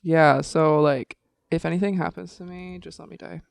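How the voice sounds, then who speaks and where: Podcast co-host, woman; gravelly yet smooth voice, chatty and rambling, dry close mic. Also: deep voice, fairly even intonation, moderate pace, darkish tone, dry recording. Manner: chatty, loose, trails off mid-sentence. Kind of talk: casual chat.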